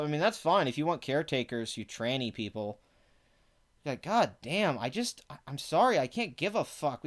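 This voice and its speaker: A man giving sarcastic, profane commentary, reading parts of an article aloud between exasperated rants. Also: mid-range voice. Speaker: online commentator.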